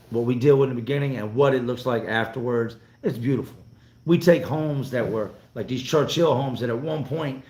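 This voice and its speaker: A man's voice: medium pitch, darkish tone. Blunt, roomy-sounding man from North Carolina. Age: 40s. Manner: blunt and profane, loose rambling delivery. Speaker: vlogger hosting a live stream. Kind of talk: casual live-stream chat, reading viewer comments. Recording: roomy echo.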